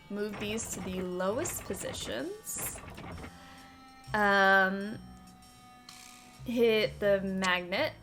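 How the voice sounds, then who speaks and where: A woman's voice: mid-range voice, a bit bright. A woman hosting a video game let's-play, chatting casually, reading instructions aloud and giggling often. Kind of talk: casual gameplay commentary.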